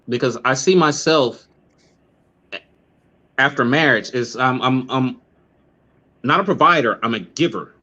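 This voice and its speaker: A man's voice: medium pitch, pushed and bright, dull audio. A man hosting an online talk show, chatting casually and telling a story with many restarts.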